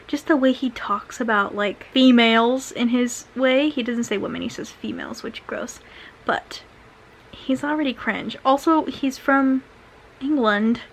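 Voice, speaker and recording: A woman's voice: a little high, a little slow, vocal fry, rough recording. A young woman chatting through a casual read-along book review, filler-heavy and full of sarcastic asides.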